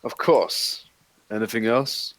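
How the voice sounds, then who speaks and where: A man's voice: medium pitch, fairly even intonation, slow pace, fairly bright tone, dry recording. A man reading a formal federal agent questioning a witness. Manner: formal, official.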